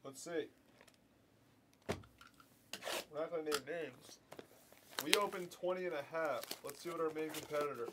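A man's voice: a little high, unhurried, long pauses. A man hosting a live card break, rattling off player names and chatting with viewers as he opens packs. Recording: noisy room with crinkling packs.

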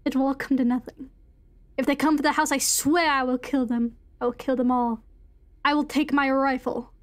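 Brief: a woman doing a ruined Victorian father, mock-British, high and dramatic. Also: natural voice.

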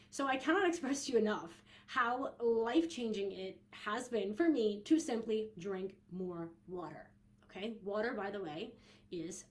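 A young woman hosting a podcast, talking casually and chattily with frequent giggles, fillers and restarts. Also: a little high. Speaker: podcast host and coach.

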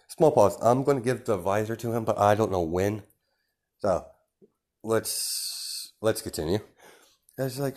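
A young man improvising a fan story aloud, rambling and halting with many fillers and restarts. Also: on the low side, a little mellow.

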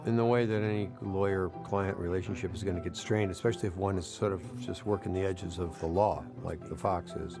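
A gruff, blunt badger lawyer. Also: male voice, sits low, fairly even intonation, a little fast, few pauses, music in the background. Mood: advising. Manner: blunt, quarrelsome. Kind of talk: animated film dialogue.

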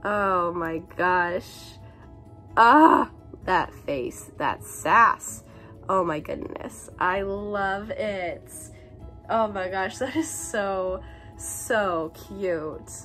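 A YouTuber in her twenties unboxes a swap package, chatting casually and gushing in a bubbly way, breaking into brief bits of song while a little sick with a cough. Her medium-pitched voice is very slow, pushed and bright, with soft background music behind it.

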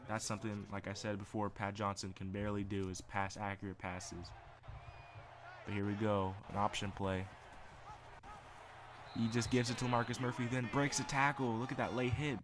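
A man commentating his own football video game, calling plays like a sportscaster. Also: fairly low pitch. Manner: excitable, calls plays like a sportscaster. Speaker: gamer commentating his play. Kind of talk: casual play-by-play commentary.

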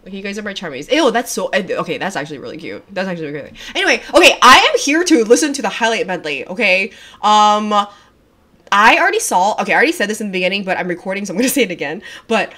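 A young woman livestreaming a reaction, talking in a gushing, excitable way, swearing often and trailing off mid-sentence. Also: medium pitch, rapid-fire. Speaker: livestreamer reacting to music videos. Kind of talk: casual livestream chat.

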